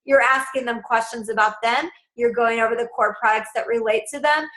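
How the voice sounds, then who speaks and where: A woman's voice: fairly high pitch, steady tone, a little fast, sharp tone, low-quality recording. A young adult woman coaching her sales team in a casual, upbeat, direct way.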